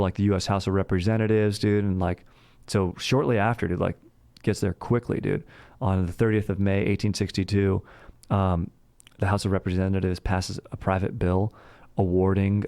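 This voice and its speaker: A man hosts a podcast and rambles through a history story in a relaxed, slangy way, full of fillers and restarts. His voice sits very low with a gravelly fry, and the recording is dry and close. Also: no echo. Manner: slangy and laid-back, says "dude" and "frickin'" a lot.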